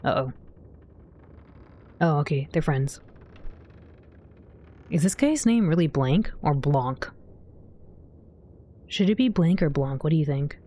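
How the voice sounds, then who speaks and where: A woman's voice: low voice, lively intonation, takes it slowly, pauses often, dark tone. A woman livestreamer chatting casually with her viewers as she plays, giggling often and reading their messages aloud. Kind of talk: casual game commentary to chat.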